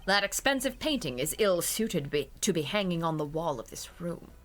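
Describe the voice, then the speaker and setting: A woman's voice: fairly low pitch, big pitch swings, moderate pace. A woman reading the lines of a formal, aloof male prosecutor in a dry tone from a game. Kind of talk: reading game dialogue aloud.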